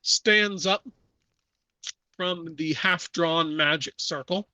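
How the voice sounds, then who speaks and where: Male game master, unhurried and bright, dry recording. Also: fairly high pitch, no echo. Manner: measured, with many fillers. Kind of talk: narrating a tabletop horror game.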